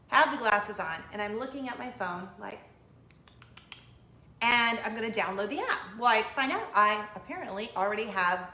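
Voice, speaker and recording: A woman's voice: a little high, pushed and bright, echoey room. A middle-aged woman hosting a casual video chat, telling stories animatedly, laughing often and exclaiming. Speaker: vlog host.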